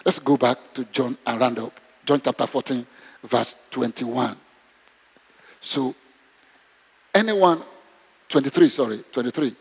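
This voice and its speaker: A man preaching a sermon, animated and exclamatory, leading the congregation in prayer. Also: medium pitch, measured pace, long pauses, husky. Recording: long reverb in a hall.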